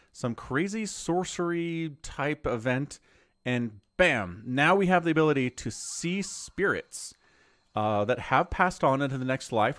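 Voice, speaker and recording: A middle-aged man streams a role-playing game, giving casual live commentary as he rambles through explaining the story. His voice is a little high, recorded as clean studio sound with no echo.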